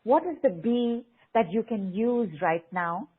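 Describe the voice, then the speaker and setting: A woman guiding a group call through spoken affirmations, slow and coaxing, repeating phrases and reading out messages. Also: on the high side, expressive, slightly rough. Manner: slow, repetitive, coaxing, reads out participants' messages. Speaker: spiritual teacher leading a group call. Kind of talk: guided affirmation session. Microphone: online video call. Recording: phone-like online call audio.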